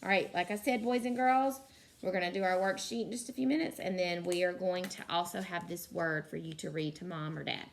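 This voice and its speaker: A woman teacher leading a slow phonics lesson for young children, sounding out words carefully and praising the class. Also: fairly low pitch, steady tone, vocal fry, a little hiss or hum.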